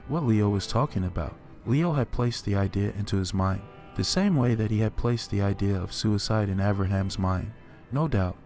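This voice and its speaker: A man reads a horror story aloud in a measured, somber way. His voice sits low, and quiet music plays faintly beneath the narration.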